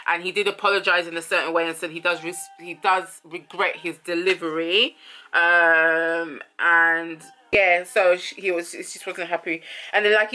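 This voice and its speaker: Bright-voiced chatty woman reviewer. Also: fairly low pitch. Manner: chatty, opinionated, with frequent fillers. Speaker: reality TV reviewer. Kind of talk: casual commentary.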